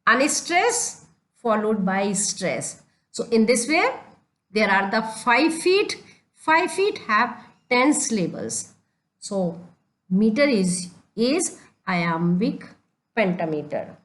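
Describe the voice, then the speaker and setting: Slow, lively-pitched woman teaching poetry. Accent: Indian English. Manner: repeats and restates points, deliberate stepwise explanation. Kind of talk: slow classroom lecture on poetry.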